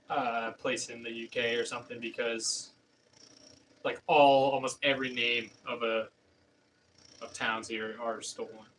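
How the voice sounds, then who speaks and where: A man's voice: medium pitch, fairly bright tone. A man streaming himself at a pottery wheel, chatting with viewers in a rambling, hesitant way full of fillers and restarts. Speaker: pottery livestreamer. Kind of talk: casual chat with live chat while throwing pottery. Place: pottery studio with a wheel running. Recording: distant mic with faint room noise.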